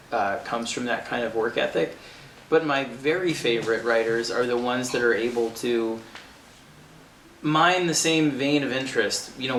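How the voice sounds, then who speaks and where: A man's voice: mid-range voice, recorded from a distance. A man chats loosely and eagerly, tumbling from one thought to the next and laughing along the way. He sounds set back from the mic in a roomy space, with a faint ambient hum underneath. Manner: animated, rambling, laughs easily. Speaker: comics writer, guest. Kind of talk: casual chat at a live event. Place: comic shop event room.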